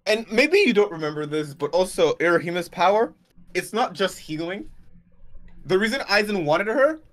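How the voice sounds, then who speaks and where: Laid-back male co-host, somewhat high voice, halting delivery. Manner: relaxed, hesitant, many fillers. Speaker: podcast co-host. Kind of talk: casual chat about anime.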